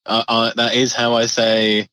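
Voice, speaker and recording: A man co-hosting a podcast, chatting casually and dropping short deadpan jokes. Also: mid-range voice, measured pace, clean tone, no echo. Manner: dry, joking one-liners. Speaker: podcast co-host. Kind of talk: casual chat.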